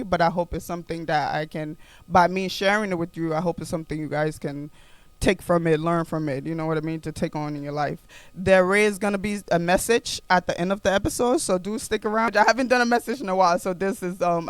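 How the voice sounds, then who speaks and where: A young adult woman hosting a podcast, telling a personal story with animated emphasis and repeated phrases. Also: on the low side, clean tone, dry recording. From New York. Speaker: podcast host.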